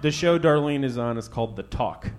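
Teasing man host, lively pitch. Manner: teasing, quick banter. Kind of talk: casual chat.

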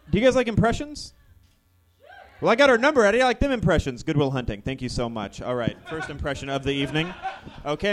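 A man doing a live stand-up set of awkward, deadpan one-liners in a ballroom venue. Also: on the high side. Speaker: stand-up comedian.

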